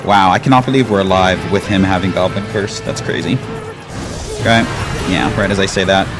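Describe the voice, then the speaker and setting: A man's voice: deep voice, fairly quick. A man giving casual, chatty commentary over his own gameplay, with a laid-back manner and lots of "like". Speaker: gaming YouTuber. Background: game music.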